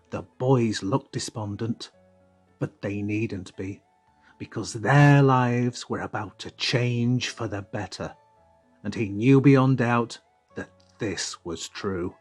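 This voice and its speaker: Male audiobook narrator, unhurried and wry, faint music behind. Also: on the low side, breathy edge. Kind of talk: scripted narration.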